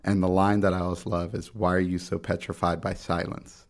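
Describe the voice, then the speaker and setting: Deep-voiced chatty man on a podcast. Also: level tone, a little fast, vocal fry. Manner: chatty, laughs easily. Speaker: podcast co-host. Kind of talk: casual music chat.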